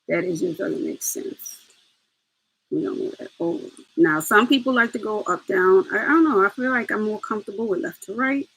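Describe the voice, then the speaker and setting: A woman's voice: mid-range voice, a bit bright, husky, low-quality recording. A woman hosting a casual step-by-step craft tutorial, chatty and laughing as she talks to her viewers.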